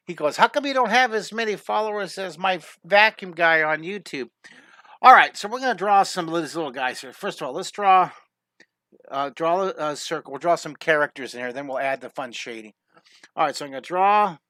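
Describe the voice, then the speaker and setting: His voice is fairly high, pushed and bright as he teaches a live online drawing class, talking cheerfully through each step and often restarting sentences and correcting himself. He's the drawing teacher and show host, recorded dry at studio quality.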